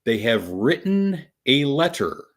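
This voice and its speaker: A man hosts a casual podcast at an ordinary middle pitch. He talks wryly and patiently, slowing down on purpose so that every point lands. He is walking listeners through a news story step by step. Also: sing-song. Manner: wry, patient, explains slowly and deliberately. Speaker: podcast host.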